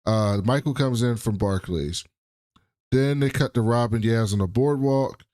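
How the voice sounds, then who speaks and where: A man co-hosting a casual podcast, recapping a TV episode in an animated, slangy way. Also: mid-range voice, measured pace. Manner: animated, acts out characters, slangy. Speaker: podcast co-host.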